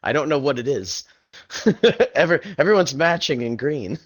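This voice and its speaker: A man's voice: a little high, very animated, moderate pace, slightly rough. A man playing a tabletop game, teasing the others and joking around. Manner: joking, teasing, bursts of laughter. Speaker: player. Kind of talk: casual game chat.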